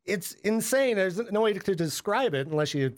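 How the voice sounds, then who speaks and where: A man's voice: high voice, big pitch swings, moderate pace. Easygoing man hosting a podcast. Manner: friendly, easygoing, says man and dude. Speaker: podcast host. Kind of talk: casual chat.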